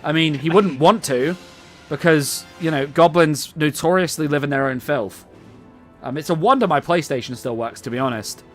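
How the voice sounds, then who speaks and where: A man's voice: on the high side, normal speed, soft background music. A young man with an English accent hosting a casual co-op gaming stream, rambling and joking about himself with lots of ums. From England. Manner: rambling, self-mocking, many ums. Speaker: let's-play host.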